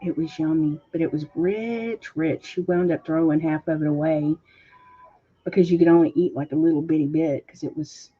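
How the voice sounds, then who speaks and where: A woman hosting a casual livestream, reading viewer comments aloud and chatting with a husky voice. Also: deep voice, flat delivery, a little fast. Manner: chatty, laughs often, reads chat aloud. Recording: dull lo-fi stream audio.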